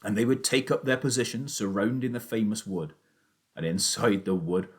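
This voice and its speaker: Guy doing a sly worked-up dad in a kids audiobook, lowish voice, goes from hush to rousing. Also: close to an everyday voice. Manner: hushed and conspiratorial, then rousing. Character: scheming, excitable father, middle-aged man.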